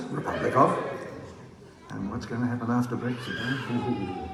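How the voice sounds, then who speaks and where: A man's voice: medium pitch, measured pace, long pauses, fairly bright tone. An older man, leading a citizenship ceremony in a jovial, joking way as he calls out country names. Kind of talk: jovial ceremony speech to an audience. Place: large hall with a crowd. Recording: echoey hall, distant mic, crowd noise.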